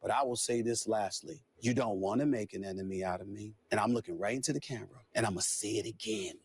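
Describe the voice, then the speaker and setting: A man giving heated, emphatic commentary, declaring his points forcefully in a husky voice. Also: lowish voice, fast talker. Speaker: sports commentator.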